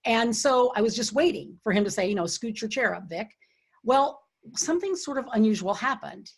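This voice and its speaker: Husky-voiced woman giving earnest leadership advice. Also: a little high, expressive, moderate pace. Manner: earnest and encouraging, drops to a hushed tone when retelling quiet moments. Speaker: author and host of a book launch. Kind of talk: online event talk with storytelling. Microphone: computer or webcam mic for an online event.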